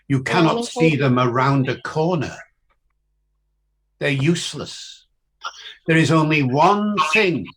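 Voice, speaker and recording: Older man, linguist lecture, very slow pace, emphatic, rhetorical questions. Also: medium pitch. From Wales. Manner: measured, deliberate, emphatic phrasing with rhetorical questions. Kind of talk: academic lecture.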